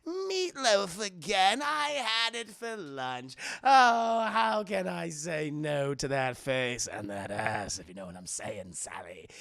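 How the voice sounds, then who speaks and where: A man's voice: lively intonation, takes it slowly, vocal fry, few pauses, exaggerated voice. A man voicing a manic, theatrical male supervillain clown, switching between mock sweetness and menace. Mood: gleeful. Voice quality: wild swoops in pitch, sudden shouts.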